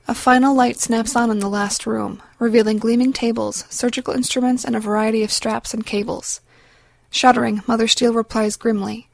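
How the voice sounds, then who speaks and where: A woman narrates a dark thriller audiobook in a measured, steady way, her voice a little high. The recording is dry and close, with no room around it. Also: creaky, dry recording. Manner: measured, even storytelling.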